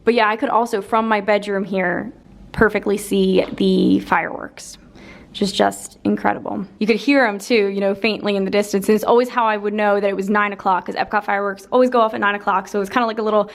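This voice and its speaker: A woman's voice: mid-range voice, fairly even intonation, fast talker, gravelly. A young woman from Pennsylvania talking in a casual, heartfelt vlog, chatty and sentimental, with many "like" fillers. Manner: chatty, sentimental, often says "like". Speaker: vlogger. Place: empty apartment, indoors.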